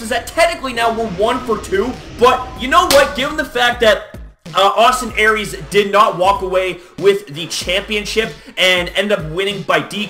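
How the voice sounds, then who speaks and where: A young man recapping wrestling results in an excitable vlog rant, swearing often and acting out his own shocked reactions. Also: extremely high pitch. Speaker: wrestling vlogger.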